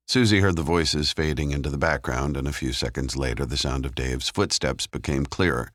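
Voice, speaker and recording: A man reads a thriller audiobook in a measured, steady narrating voice. His voice is extremely deep. The studio sound is close and dry, with no room echo. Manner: measured, even storytelling. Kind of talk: scripted narration.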